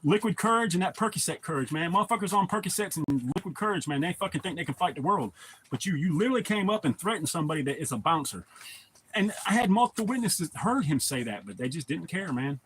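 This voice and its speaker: A man's voice: on the high side, sing-song, quick pace, a bit bright, slight background noise, low-quality recording. A man live-streaming, telling blunt, profane stories in a casual chat to his viewers.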